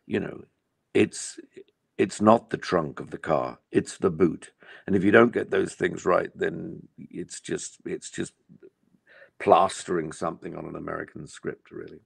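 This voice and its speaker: Older English man, deep gravelly voice. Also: fairly even intonation, unhurried, dry recording, clean studio sound. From England. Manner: reflective, rambling with many fillers. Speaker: actor guest. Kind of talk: casual interview chat.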